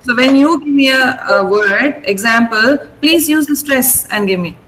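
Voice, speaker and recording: A woman with an Indian English accent teaches English, explaining stress rules patiently and asking students to repeat each word. Her voice sits somewhat high. There is a faint hiss behind her. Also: moderate pace, a bit bright, reverberant, low-quality recording. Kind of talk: online vocabulary class.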